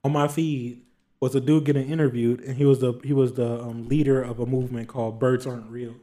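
A young man co-hosting a podcast, telling stories in a casual, animated way and joking around with lots of swearing. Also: mid-range voice, fairly quick. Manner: animated storytelling, swearing, playful rants. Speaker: podcast co-host. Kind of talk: casual chat.

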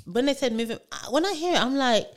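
A woman's voice: high voice, sing-song, fairly quick. A woman co-hosting a podcast, talking casually in an emphatic, opinionated way. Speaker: podcast co-host. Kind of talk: casual chat.

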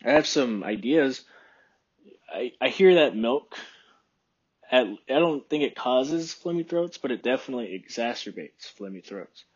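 A man with a breathy, phlegmy voice talks loosely and unhurriedly on his own podcast, clearing his throat again and again. His pitch sits at an ordinary middle, and the recording sounds slightly dull and lo-fi. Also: measured pace. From Texas. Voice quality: phlegmy, husky. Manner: rambling, relaxed, frequent throat clearing. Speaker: podcast host. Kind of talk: casual solo podcast chat. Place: room by a window.

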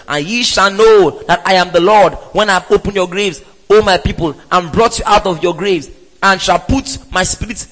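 Emphatic preacher with reverb. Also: male voice, sits high, normal speed, a bit bright. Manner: emphatic, with sudden exclamations and rhetorical questions. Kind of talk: sermon. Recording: reverberant hall.

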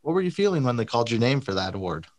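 A man's voice: medium pitch, very animated, very fast, a little mellow, no echo. Man hosting a casual interview. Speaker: interview host.

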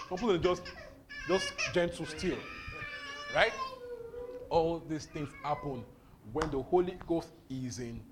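A man's voice: fairly high pitch, noisy background. A man preaching a charismatic sermon, exuberant and often laughing as he repeats his phrases.

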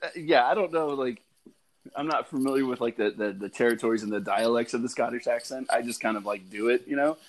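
A man's voice: medium pitch, brisk. An American man co-hosting a podcast, chatting casually and joking with frequent laughs. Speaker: podcast co-host. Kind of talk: casual chat.

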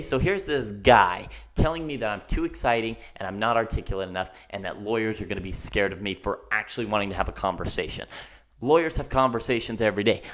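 Guy ranting on his podcast, emphatic, keeps going okay?. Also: medium pitch. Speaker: podcast host. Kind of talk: solo podcast rant.

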